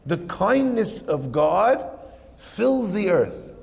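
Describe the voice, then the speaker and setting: A male rabbi teaching with a high, gravelly voice, firing off rhetorical questions and telling stories with energy. His voice carries the long reverb of a hall. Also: very slow. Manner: rhetorical questions, lively storytelling. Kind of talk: Torah lesson.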